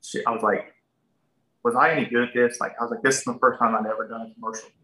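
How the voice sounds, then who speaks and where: This is a man, a guest swapping stories on a podcast. His voice is bright and forward. He talks in a folksy, animated way and slips into the voices of the people he describes. The room gives a noticeable echo. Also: medium pitch, quick pace, distant mic. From Ohio, USA. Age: 30s. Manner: folksy, animated, acts out other people's lines. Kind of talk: casual storytelling.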